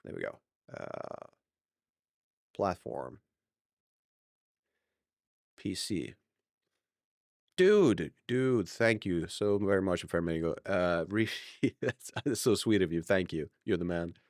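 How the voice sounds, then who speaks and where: A man's voice: low-pitched, lively intonation, slow pace, pauses often, dry recording, clean studio sound. A young man streaming live, chatting casually to viewers, rambling and correcting himself as he goes, laughing often.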